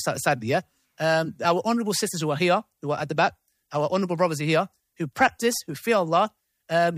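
A man's voice: a little high, no room sound, studio quality. A man hosts a live discussion and reads messages aloud, adding his own commentary. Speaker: host.

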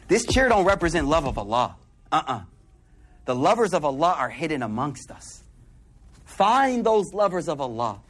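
Slangy high-voiced man preaching. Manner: slangy, animated, acts out quick low-voiced asides. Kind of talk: casual sermon.

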